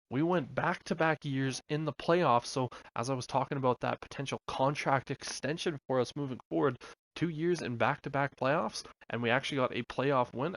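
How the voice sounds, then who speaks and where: A young man talks through his video game session in a loose, easygoing way. His voice sits at an ordinary middle pitch, and he drops in casual fillers as he goes. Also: poor audio. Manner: relaxed, chatty, with filler words. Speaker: gaming YouTuber. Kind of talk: casual gameplay commentary.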